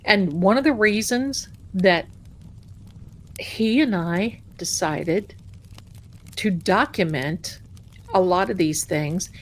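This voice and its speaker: A woman's voice: mid-range voice, takes it slowly, long pauses. An American woman hosting a casual livestream, chatty, repeating herself and sometimes dropping to a whisper. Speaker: livestream host.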